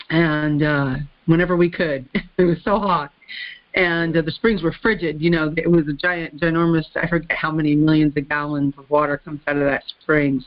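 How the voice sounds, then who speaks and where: A woman's voice: deep voice, dry recording, lo-fi sound. A woman hosting a casual group call, rambling and laughing as she talks about growing up in the South. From American South. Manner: chatty, rambling, laughs often. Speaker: host.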